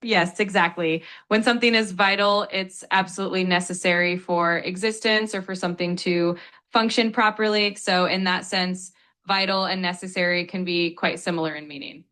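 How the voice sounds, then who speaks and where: A woman's voice: lowish voice, fairly even intonation, normal speed, bright, forceful tone. A woman's voice acting as an English tutor, explaining word meanings in a polite, upbeat, patient way.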